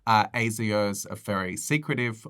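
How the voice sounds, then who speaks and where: A man with an Australian accent, a journalist explaining events in a measured way with frequent uhs. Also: lowish voice, fairly bright tone, clean tone, no room sound, studio quality. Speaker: journalist guest. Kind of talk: conversational news discussion.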